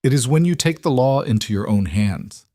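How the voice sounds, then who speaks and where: A man voicing a stubborn frontier town marshal who speaks quietly and firmly. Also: medium pitch, animated, normal speed, no echo, studio quality, voice pushed up, natural voice. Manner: quiet, firm.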